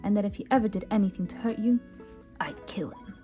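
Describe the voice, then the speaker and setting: A stern, protective older guardian , voiced by a woman doing a rough attempt with a shaky Scottish accent. He talks in a gruff, menacing way, carries a mid-range voice, and is read from a sketchbook comic. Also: medium pitch, brisk, warm tone, faint music behind, lightly acted.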